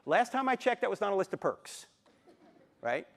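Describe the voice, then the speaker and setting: Animated man in his sixties lecturing. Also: sits high, normal speed, vocal fry. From New Jersey, USA. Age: 60s. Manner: animated storyteller, acts out quotes and jokes. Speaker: Christian apologetics speaker. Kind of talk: live lecture to an audience. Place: university auditorium with a live audience.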